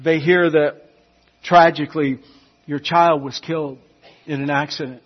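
A man preaching a sermon, emphatic, swinging between hushed and loud. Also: a little high, steady tone, unhurried. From United States. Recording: dull lo-fi recording.

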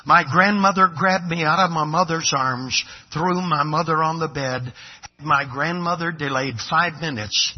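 A man from Brooklyn, New York, preaches a sermon with a voice on the high side, unhurried, and recorded in lo-fi sound. His pulpit delivery is emphatic and dramatic, and he acts out little scenes with dialogue.

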